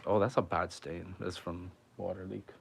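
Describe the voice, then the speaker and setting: Male streamer-musician, deep voice, rambling, profane, off-the-cuff home chat. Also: little pitch movement, moderate pace, gravelly, breathy edge. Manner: rambling, heavy swearing. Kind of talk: casual livestream chat. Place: his home.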